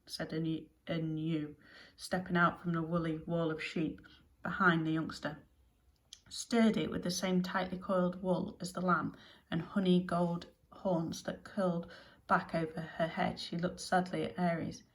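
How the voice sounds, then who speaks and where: A woman narrating a children's storybook with an expressive, lively delivery. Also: fairly low pitch, unhurried, low-quality recording. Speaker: audiobook narrator.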